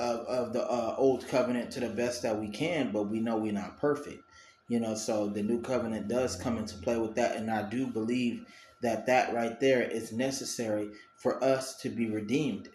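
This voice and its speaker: A man's voice: medium pitch, a little mellow. A man giving an earnest, rambling casual talk about faith, with many fillers. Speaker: religious video host. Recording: roomy echo, faint noise.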